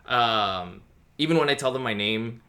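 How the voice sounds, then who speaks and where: A man's voice: mid-range voice, measured pace, pushed and bright. A man hosting a casual podcast interview, asking his questions in a careful, tentative way. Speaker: podcast host.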